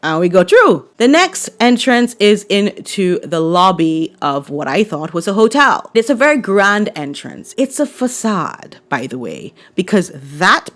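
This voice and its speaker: A woman with a Barbadian accent telling a personal story to camera in a chatty, animated way, often checking in with viewers. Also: medium pitch, a little slow, few pauses. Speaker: vlogger.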